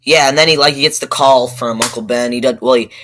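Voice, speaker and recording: A man giving a rambling, profane movie review rant that keeps flaring up into loud outbursts. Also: medium pitch, steady tone, quick pace, faint music behind, rough recording.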